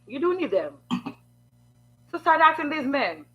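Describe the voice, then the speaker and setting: A woman gives blunt life advice in a sassy, preachy way. Her voice sits high and sounds bright and sharp. She keeps firing rhetorical questions at her listeners. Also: sing-song, measured pace, long pauses. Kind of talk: frank advice monologue.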